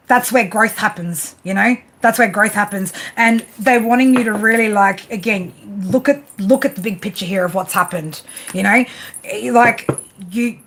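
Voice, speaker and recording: A woman's voice: on the high side, a bit bright, low-quality recording. Woman, tarot reader, casual live chat, blunt, repetitive, faint background noise. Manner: casual, repetitive, tag questions; affectionate, blunt, swears.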